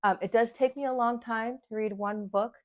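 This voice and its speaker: A woman's voice: a little high, fairly even intonation, moderate pace. A young woman chatting casually to camera about books she has read, self-deprecating and laughing often, with a slightly scratchy throat. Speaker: book vlogger. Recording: dull lo-fi sound.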